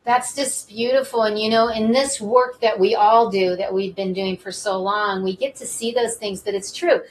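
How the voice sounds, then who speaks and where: A woman hosting a talk show, affirming her guest with gentle interjections in casual interview chat. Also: mid-range voice, steady tone, moderate pace.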